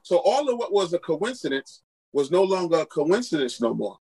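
Husky-voiced pastor telling a story. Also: male voice, fairly high pitch, moderate pace, poor audio. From Queens, New York. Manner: animated storyteller acting out quoted dialogue. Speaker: pastor and podcast guest. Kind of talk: storytelling testimony in a podcast interview.

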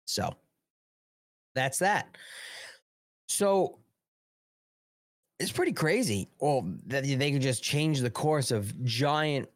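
With a mid-range voice, this American host is very animated yet slow, leaving long pauses. On his live stream he reads news aloud, breaks off to chat with and thank viewers, and rambles with plenty of profanity. The recording is dry, clean studio sound.

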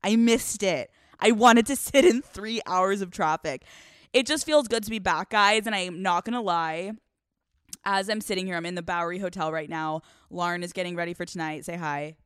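A young woman hosting a casual vlog-style podcast, excitable and profane, laughing often as she talks. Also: lowish voice, normal speed, clear, resonant tone, no echo, studio quality. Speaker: podcast host. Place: hotel room.

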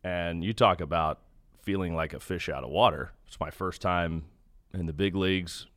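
A man's voice: low voice, fairly even intonation, normal speed, a bit bright, no echo, studio quality. A man who works as a radio play-by-play announcer, a guest on a podcast telling self-deprecating stories with chuckles. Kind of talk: casual podcast storytelling.

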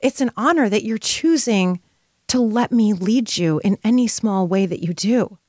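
A woman's voice: medium pitch, lively intonation, normal speed, darkish tone, no echo, studio quality. A middle-aged woman hosting a motivational podcast, speaking in an impassioned, emphatic, spiritual way. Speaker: podcast host.

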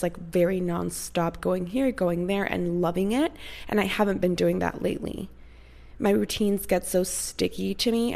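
A woman's voice: lowish voice, vocal fry, darkish tone. A young woman chatting casually to her viewers, telling a story in a gushing, rambling way with many fillers. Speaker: vlogger.

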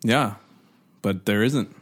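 A man's voice: fairly low pitch, slow. A young man co-hosting a podcast, joking and teasing in casual chat and retelling a comedy bit with impressions. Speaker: podcast co-host.

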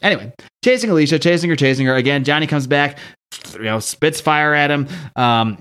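Male podcast host, fast, chatty comic recap, rambling delivery with loose character voices. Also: fairly high pitch, fairly bright tone, clean tone. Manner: quick, rambling, laughs while retelling, voices characters loosely. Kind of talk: casual comic book recap.

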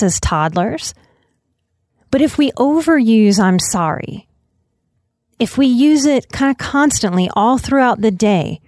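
A woman hosting her own podcast as a life coach and psychotherapist, talking through an idea in a measured way and slowing down to stress key phrases. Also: medium pitch, darkish tone, no echo, clean studio sound. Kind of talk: solo podcast talk.

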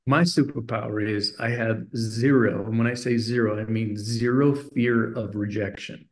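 A man's voice: on the low side, normal speed. A middle-aged man, a podcast guest, telling a personal story in conversation and acting out the voices of the people in it. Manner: animated storyteller who acts out voices of people in his story.

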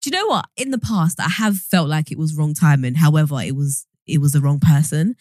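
A woman's voice: low-pitched, fairly quick, a little mellow, no echo, clean studio sound. A young woman co-hosting a podcast in casual chat, giggly and rambling. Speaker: podcast co-host.

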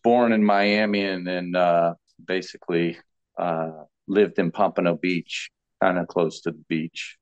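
A man's voice: sits low, steady tone, measured pace, dry recording, lo-fi sound. A man from Florida, a podcast guest, talking in an easygoing, rambling way. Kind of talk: casual podcast chat.

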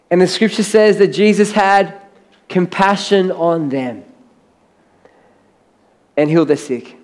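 A high-pitched man preaches from a church stage. He tells Bible stories with animation and acts out the voices of the characters. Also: a little mellow. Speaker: pastor. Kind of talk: sermon.

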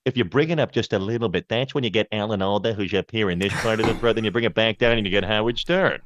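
A young man in his twenties, a comedian chatting as a podcast guest and explaining his craft quickly. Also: lowish voice. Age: 20s. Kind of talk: casual podcast chat. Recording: dry, slightly dull sound.

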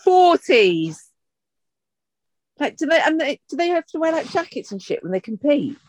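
A woman co-hosting a podcast in casual chat, expressive and full of joking complaints, swearing freely. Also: sits high, normal speed. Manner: expressive, swears freely, jokey exaggerated fear. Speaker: podcast co-host.

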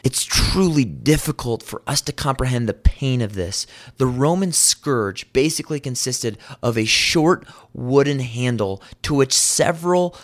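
An earnest man preaching a sermon in a voice of ordinary middle pitch for a man. He reads scripture aloud and explains it with emphasis, posing rhetorical questions and slowing to linger on vivid details. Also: lively intonation.

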